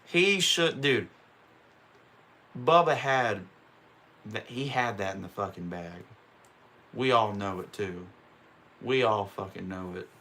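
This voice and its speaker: A man's voice: fairly low pitch, takes it slowly, long pauses, pushed and bright, slight background noise. A man on a live stream calling a stock car race lap by lap, swearing and ranting in open frustration between calls. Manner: profane, openly frustrated ranting. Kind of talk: casual live-stream play-by-play.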